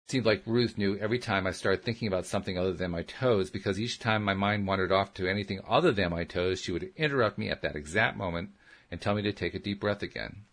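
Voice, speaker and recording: A man's voice: deep voice, quick pace, a bit bright. A man reading a first-person story aloud as an audiobook narrator, in a plain, earnest storytelling manner.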